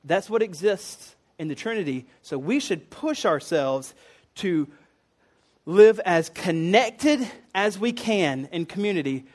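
A man with a high-pitched voice delivering a sermon. He talks conversationally and earnestly, dropping casual asides and fillers as he explains his points. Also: expressive, takes it slowly. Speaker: preacher.

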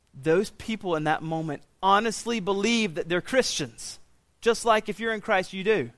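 A pastor preaching a sermon in a church, swinging from quiet intensity to loud, raised pleading. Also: male voice, high-pitched, normal speed, no echo. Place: church sanctuary.

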